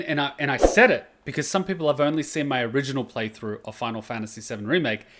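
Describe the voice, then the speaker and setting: A man hosting a casual reaction video, animated and outspoken, swearing and laughing as he talks. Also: mid-range voice.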